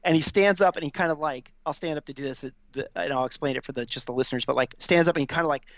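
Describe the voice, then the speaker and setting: A man, a former Marine officer, telling anecdotes as a podcast guest in a quick, animated way with many fillers. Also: fairly high pitch, no room sound, lo-fi sound. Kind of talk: casual storytelling.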